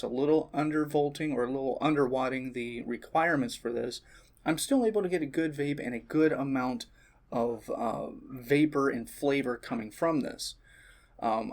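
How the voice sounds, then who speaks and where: A man on a vape shop's staff giving a casual product review, easygoing and sprinkled with ums and uhs. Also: medium pitch.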